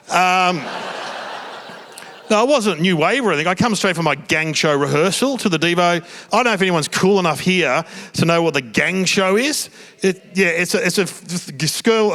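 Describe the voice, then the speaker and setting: A man's voice: a little high, bright, forceful tone. An Australian man in his fifties doing a stand-up comedy routine on a theatre stage, telling a rambling story with stammered restarts. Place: theatre stage before a live audience.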